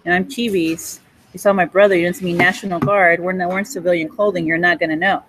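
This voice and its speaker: A woman in a cafe giving a rambling, profane monologue that jumps between topics and breaks into high bursts of laughter. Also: steady tone, quick pace, background noise.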